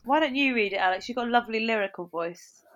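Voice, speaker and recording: Enthusiastic woman co-host chatting, higher voice, lots of swing in it. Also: expressive, fast talker, fairly bright tone, dull audio. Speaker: podcast co-host. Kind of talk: casual chat.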